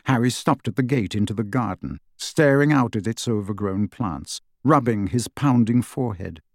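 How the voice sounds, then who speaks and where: A man narrating an audiobook with expressive storytelling on a close studio mic. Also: fairly low pitch, moderate pace, no echo. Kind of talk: scripted narration.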